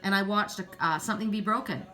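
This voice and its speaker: A woman doing a casual spiritual card reading. She often repeats words, clears her throat and rises in pitch when excited. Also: fast talker, soft background music. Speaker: oracle card reader.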